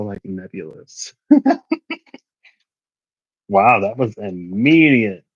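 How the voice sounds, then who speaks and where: A man's voice: on the low side, dry recording, dull audio. A man reading tarot for a casual vlog, chatting and musing as he reads card meanings aloud. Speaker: tarot reader.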